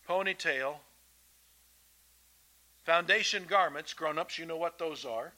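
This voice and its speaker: A man delivers a sermon in a folksy, emphatic way, repeating himself as he makes his points. His voice sits a little high and sounds very bright and sharp. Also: slow, long pauses, rough recording. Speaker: preacher. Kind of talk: sermon to children and adults.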